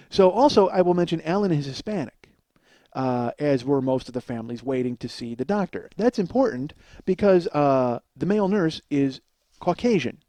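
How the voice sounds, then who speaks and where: A man's voice: medium pitch, animated, moderate pace, mellow, no echo. A man hosting a podcast, telling a comic story in a profane, exasperated ranting way. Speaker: podcast host. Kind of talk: comedic storytelling monologue.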